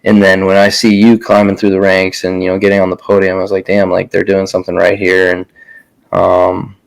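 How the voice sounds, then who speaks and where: A young man hosting a relaxed casual chat, talking loosely with a lot of um and you know. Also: deep voice, brisk, gravelly, rough recording. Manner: relaxed, many fillers and restarts.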